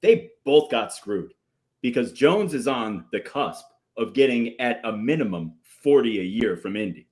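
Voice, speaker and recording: A man's voice: medium pitch, animated, measured pace, darkish tone. Jokey man making confident football takes. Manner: jokey, laughs often, confident hot takes. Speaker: sports podcast co-host. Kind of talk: casual sports chat.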